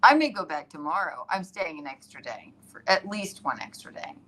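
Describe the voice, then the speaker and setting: A woman hosting a casual live stream from her iPad, telling stories in an excitable, rambling way and laughing often. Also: low voice, moderate pace, husky.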